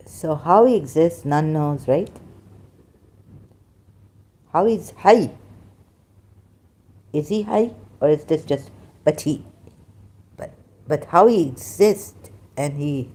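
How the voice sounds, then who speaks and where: A woman's voice: low voice, dark tone, breathy edge. A woman with a Persian accent, speaking in broken English, hosts a rambling religious commentary live stream and often halts and interrupts herself.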